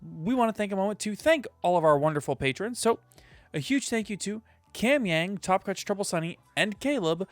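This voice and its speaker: A man's voice: high voice, animated, brisk, no room sound, soft background music. A man hosting a casual podcast, upbeat and jokey, reading sponsor notes and lists of names. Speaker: podcast host.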